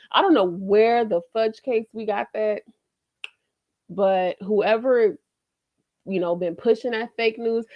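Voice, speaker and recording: A woman's voice: fairly low pitch, no room sound. A woman chats candidly to her viewers, tossing in slangy asides and plenty of "you know" as she goes. Her voice comes through a dull, lo-fi mic, and the recording is dry with no room sound. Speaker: vlogger giving life lessons. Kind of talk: casual talk to camera.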